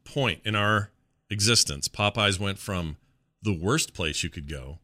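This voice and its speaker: A man's voice: on the low side, expressive, a little slow, sharp tone. A man co-hosting a podcast in casual chat, talking in a rambling way with lots of hand gestures. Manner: rambling and gesturing with his hands. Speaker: podcast co-host.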